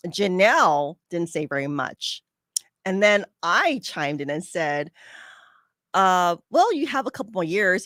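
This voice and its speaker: A woman's voice: fairly low pitch, no echo, clean studio sound. A woman podcast host telling a personal story and giving casual advice, acting out her friends' lines as she goes. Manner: animated, acts out quoted friends.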